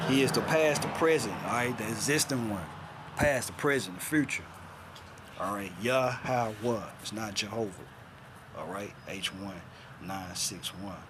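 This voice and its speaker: A man's voice: a little slow, long pauses, background noise. A man giving an informal bible teaching in a streetwise, insistent way, often checking in with his listeners. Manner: streetwise, keeps adding "man" and "all right?"; insistent, swings from loud to low. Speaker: scripture teacher.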